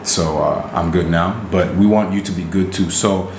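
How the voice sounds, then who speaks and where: A man with a lowish voice co-hosts a casual podcast, laying out dating advice in an emphatic, preachy way. His voice rings in a roomy, echoey space with a faint hiss behind it. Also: normal speed, a little mellow. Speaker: podcast co-host.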